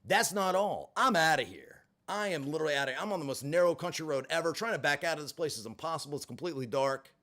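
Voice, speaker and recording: A man casually telling a story on a livestream, animated and profane, acting out the voices of the people he quotes. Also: on the high side, quick pace, few pauses. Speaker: livestream host.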